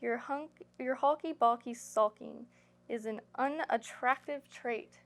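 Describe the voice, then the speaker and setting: A straight-talking storybook octopus, blunt and no-nonsense, with a high, light voice, played by a woman reading aloud. It gets right to the point. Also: takes it slowly, a bit bright.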